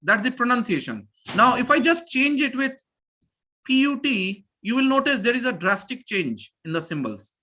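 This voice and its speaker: Lively teacher on a video call. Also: male voice, very high voice, normal speed. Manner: energetic, repeats phrases to drill students. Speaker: English pronunciation teacher. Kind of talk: live online class teaching.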